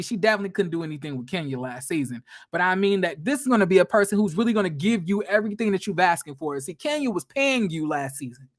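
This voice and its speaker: A man giving a casual reality TV recap, with a blunt, profane and gossipy manner that is animated and quick to laugh. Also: high voice.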